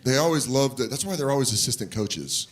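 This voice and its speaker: With a brisk, mid-range voice, a man does stand-up comedy on a club stage, telling a story and animatedly acting out the voices of its people. Audience laughter and noise come through in the live recording.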